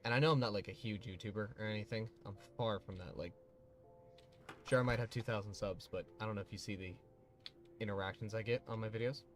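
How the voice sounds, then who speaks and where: Guy streaming a horror indie game, chatty and rambly, lowish voice, faint game music behind. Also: fast. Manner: chatty, rambling, uses many fillers. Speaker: gaming livestreamer. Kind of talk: casual livestream commentary.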